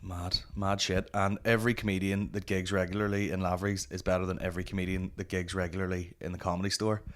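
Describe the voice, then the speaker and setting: A man's voice: low voice, flat delivery, quick pace. A man, hosting a comedy podcast in sweary, ranting banter. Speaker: podcast host. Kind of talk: casual chat.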